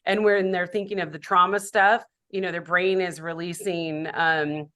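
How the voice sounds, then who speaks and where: A woman's voice: fairly low pitch, fairly even intonation, normal speed, bright, forceful tone. A woman who works as a public speaker, a guest in a podcast conversation, talking reflectively and candidly about her own life.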